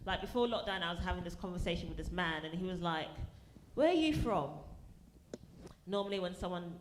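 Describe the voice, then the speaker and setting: A woman's voice: lowish voice, steady tone, very fast. A woman from performing a punchy, sassy stand-up set to a small live audience. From London. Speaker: stand-up comedian. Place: comedy venue with small audience. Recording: echoey live venue, faint noise.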